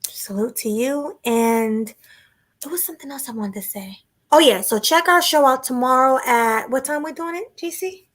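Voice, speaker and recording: A woman's voice: high-pitched, normal speed. Chatty woman co-hosting a livestream. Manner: relaxed, thankful, chatty. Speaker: podcast co-host. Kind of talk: casual livestream chat.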